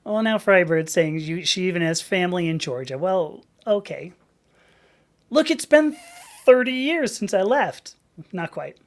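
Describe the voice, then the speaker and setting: A middle-aged Southern American woman hosts a casual live stream on a webcam mic, rambling, laughing at herself, and reading out viewers' chat. Her voice is lowish and expressive, at a measured pace.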